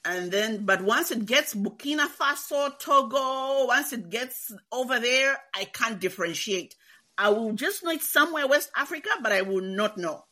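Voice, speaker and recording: Woman guest, bright sharp tone, measured and explanatory. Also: on the high side, expressive. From Zambia. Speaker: book club guest. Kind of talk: casual discussion.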